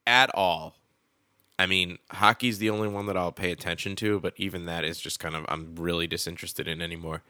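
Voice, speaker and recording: A young man with a blocked-up nose runs his solo podcast, rambling and cursing with caffeinated energy. His slightly low voice sounds forceful and bright. The recording is dry and close, with no room sound. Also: fairly quick, dry recording. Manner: rambling, profane, wired and excitable. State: stuffy with a head cold. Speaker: podcast host.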